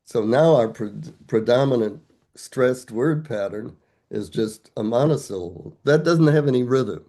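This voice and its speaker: A man's voice: mid-range voice, animated, a little slow, warm tone. An older man, a guest scholar, explaining ideas step by step in a thoughtful, conversational academic way, asking himself rhetorical questions.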